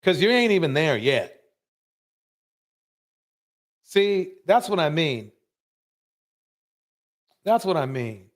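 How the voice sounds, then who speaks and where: A man's voice: on the high side, very animated, slow pace, pauses often. A man hosting a live show, commenting emphatically and ranting about what he has just watched. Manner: emphatic, ranting, repeats himself.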